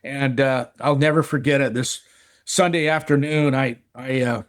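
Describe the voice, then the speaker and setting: A middle-aged man, a guest on a recovery podcast, shares his personal recovery story in casual conversation. His voice is medium-pitched and steady at a normal speed, and he sounds earnest, often repeating words and starting over.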